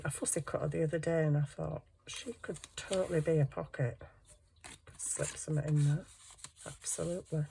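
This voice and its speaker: Woman, low voice, chatty and self-mocking, crafting at home with faint background noise. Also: gravelly, a little mellow, low-quality recording. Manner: chatty, self-deprecating, talking to herself while working. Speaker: junk journal crafter. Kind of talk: casual craft tutorial chat.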